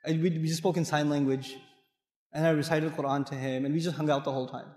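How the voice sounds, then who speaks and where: A man's voice: on the high side, fairly even intonation, fast, a little mellow. A middle-aged man giving a playful, story-driven lecture to a mosque audience. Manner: storytelling, playful, acts out dialogue. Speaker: Islamic lecturer. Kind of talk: animated lecture with anecdotes. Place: large mosque hall. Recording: echoey hall from far off.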